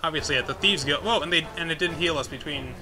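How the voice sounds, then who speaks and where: A man's voice: a little high, fast, noisy background. A man giving casual, joking commentary while playing a video game and thinking aloud as he goes. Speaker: let's play host.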